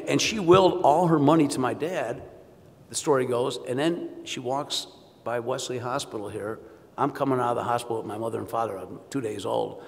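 Wry man with a gravelly voice in a hall. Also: mid-range voice. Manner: wry, self-deprecating storytelling. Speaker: orthopedic surgeon giving keynote. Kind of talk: anecdotal keynote speech. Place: conference hall. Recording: long hall reverb.

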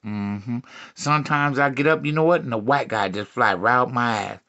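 Gravelly, bright-voiced crude comic man. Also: mid-range voice, lo-fi sound. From Milwaukee, USA. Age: 40s. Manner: profane, mocking, quick asides. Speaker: comedy vlogger. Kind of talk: crude comic riffing on dating profiles.

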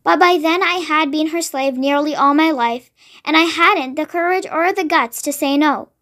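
A woman voicing a gentle, kind young woman teacher in a storybook, soft-spoken. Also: high-pitched, moderate pace. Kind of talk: read-aloud storybook acting.

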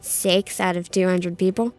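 A woman's voice: fairly low pitch, fairly even intonation, a little slow, a little mellow, faint music behind. A woman playing a tabletop game, speaking casually and hesitantly, asking questions. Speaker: player.

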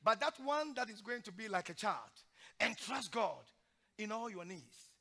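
A male pastor preaching a sermon in church, swinging from loud, forceful exhortation to hushed, emotional storytelling. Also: high-pitched, gravelly. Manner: sings hymn lines slowly during the sermon.

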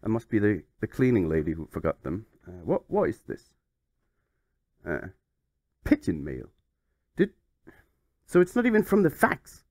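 A man's voice: fairly low pitch, big pitch swings, moderate pace, long pauses, a little mellow, no room sound, clean studio sound. A man hosting a comedic game playthrough, playful and mock-flustered as he rambles along. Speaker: YouTube gaming host.

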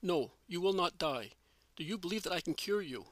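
A calm, solemn male teacher speaks kindly, voiced by a male reader. He sounds fairly high-pitched for a man. The recording is dry and close. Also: moderate pace, no echo. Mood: gentle.

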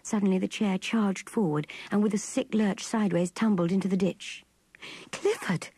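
An older woman narrating a classic novel in an intimate, breathy half-whisper. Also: mid-range voice, steady tone, a little fast, mellow, no room sound. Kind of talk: audiobook reading of a classic novel.

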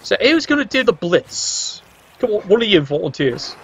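A man's voice: high voice, sing-song, moderate pace, gravelly, slightly rough. A man doing casual, wry play-by-play commentary on a game stream, teasing the players with exclamations.

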